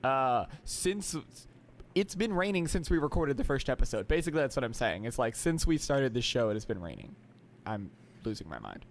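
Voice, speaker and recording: A young man co-hosting a podcast, talking in an animated, exasperated way and slipping into quoted voices. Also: medium pitch, fairly quick, slight background noise. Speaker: podcast co-host. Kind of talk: casual chat.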